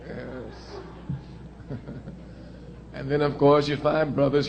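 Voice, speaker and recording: A man giving a political speech in a measured way, drawing out key words for emphasis. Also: mid-range voice, steady tone, a little mellow, slight background noise.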